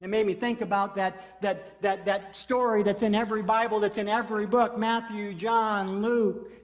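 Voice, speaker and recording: High-voiced preacher in a reverberant hall. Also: male voice, level tone, normal speed. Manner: storytelling, repeats phrases for emphasis. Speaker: pastor. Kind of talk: sermon. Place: church sanctuary.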